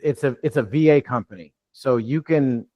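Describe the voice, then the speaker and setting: A man's voice: medium pitch, moderate pace, warm tone, no echo. A man from New York coaching a live online training, talking loosely with many restarts over a video call. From New York, USA. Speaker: real estate deal coach.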